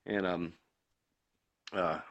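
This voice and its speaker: A man's voice: deep voice, steady tone, extremely slow, fairly bright tone. A man co-hosting a casual podcast, telling long rambling stories with colloquial grammar. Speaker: podcast co-host. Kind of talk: casual chat.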